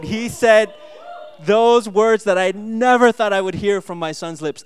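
Lively man preaching a story-filled sermon. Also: high-pitched, a little slow, clean tone. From Minnesota. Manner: animated storytelling, acts out his sons' voices, rhetorical questions. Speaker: pastor.

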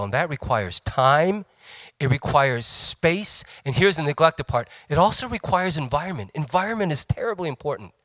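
A middle-aged man preaching a sermon in an animated, joking, self-mocking storytelling way. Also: medium pitch, no echo. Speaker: pastor.

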